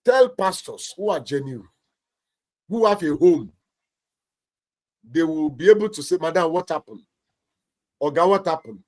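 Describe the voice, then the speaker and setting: On a talk show, a man with a Nigerian accent, a pastor who also counsels marriages, gives emphatic advice in a preacherly style, acting out little stories. His voice is a little high, animated and darkish in tone, unhurried, with long pauses.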